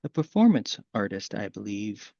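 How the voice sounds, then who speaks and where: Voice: deep voice, sing-song, moderate pace, creaky, mellow, dry recording, lo-fi sound. An event host giving casual, hesitant introductions to readers on a video call.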